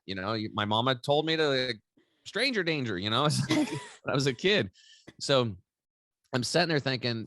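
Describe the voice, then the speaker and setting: Speaking briskly at medium pitch with big swings, a man in his forties tells a personal story as a podcast guest. He's energetic and animated, and the interview is casual. His voice sounds a bit bright on a dry recording.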